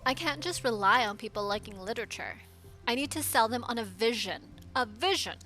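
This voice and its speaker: A woman's voice: on the high side, expressive, fairly quick, sharp tone, faint music behind. A woman voicing a composed teenage club president, reading the lines plainly. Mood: doubtful. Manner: plainly read dialogue. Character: composed teen girl, lonely club president.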